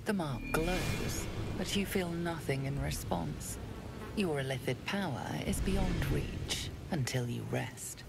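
A deep, gravelly game narrator, very slow, over loud music. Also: female voice, exaggerated voice. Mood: ominous. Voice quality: gravelly, low. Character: ominous female storyteller narrator. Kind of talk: scripted narration.

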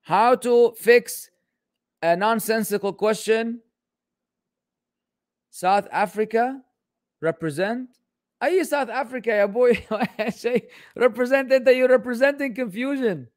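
Man, casual Islamic Q&A, teasing, exasperated, high voice. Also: slow, long pauses, no room sound, clean studio sound. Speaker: Islamic teacher answering questions. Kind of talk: casual livestream Q&A lesson.

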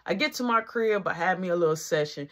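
A man casually telling a long personal story to camera, slangy and animated, often checking in with the listener. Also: sits high, quick pace.

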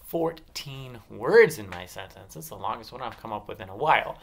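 A man teaching an online phonics lesson to young children, upbeat and encouraging, stretching words out slowly. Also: lowish voice, lively intonation, vocal fry. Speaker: early elementary teacher.

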